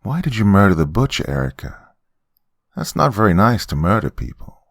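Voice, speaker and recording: A man voicing a demonic female emergency dispatcher who speaks calmly and then turns mocking. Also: sits low, fairly quick, creaky, dry recording, clean studio sound, voice pushed up, full character voice. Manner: calm then mocking, cackling.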